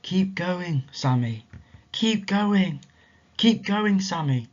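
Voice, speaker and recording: A man's voice: high voice, animated, slow pace, highs cut off, voice pushed up. A man voicing a faint, mysterious inner voice that coaxes and urges on with repeated encouragement. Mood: encouraging. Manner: repetitive, coaxing, urgent encouragement.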